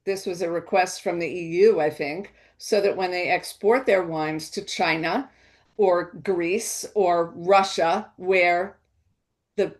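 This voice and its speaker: A woman giving an educational wine talk, explaining in a chatty way with restarts. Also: on the low side.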